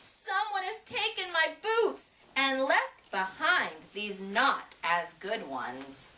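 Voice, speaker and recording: A woman putting on a squeaky little bear cub girl. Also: big pitch swings, slow, pushed and bright, exaggerated voice. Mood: sulky. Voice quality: high, squeaky. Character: baby polar bear girl, small and squeaky.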